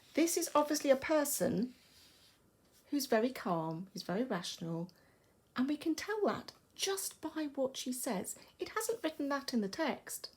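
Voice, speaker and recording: A woman's voice: fairly high pitch, husky. A woman with an English accent, a primary school teacher, giving a recorded lesson and explaining patiently and expressively.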